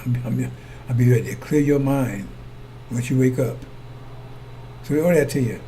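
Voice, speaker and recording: A man with a medium-pitched, dark voice preaches at a moderate pace, with a little hiss or hum in the recording. His sermon is repetitive and circling, and he keeps asking the congregation, whom he calls brothers and sisters, to follow along.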